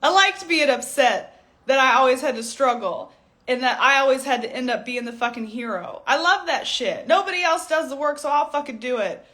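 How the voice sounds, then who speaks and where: A woman's voice: high voice, lively intonation, moderate pace, pushed and bright. A woman in her thirties, a stylist business coach, giving a blunt, profane motivational rant with mocking impressions.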